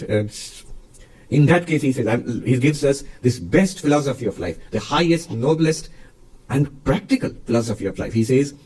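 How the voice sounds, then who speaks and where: A man, a monk and spiritual teacher, giving a lively, storytelling spiritual talk in answer to a question. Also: medium pitch, moderate pace, distant mic, rough recording.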